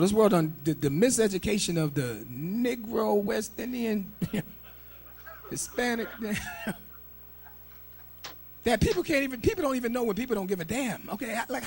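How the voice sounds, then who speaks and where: A man preaching a sermon, emphatic and quick to shout, firing rhetorical questions and leading his listeners in call-and-response. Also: very high-pitched, creaky, breathy edge. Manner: calls for scripture reading and call-and-response.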